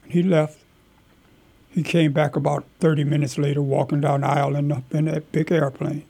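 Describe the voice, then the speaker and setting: An older man tells stories from his past with animated emphasis. His voice is gravelly and husky, with a mellow, darkish tone sitting a touch high for a man. He speaks as a guest in a relaxed interview. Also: a little fast. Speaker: guest, community elder. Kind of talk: storytelling in conversation.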